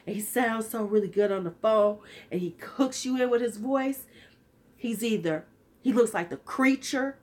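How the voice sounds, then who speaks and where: A woman in her fifties talks straight to her viewers in a candid, joking, sassy way. She keeps a casual livestream chat going at a mid pitch, and her voice sounds a little worn out. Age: 50s. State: slightly worn-out voice. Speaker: vlogger.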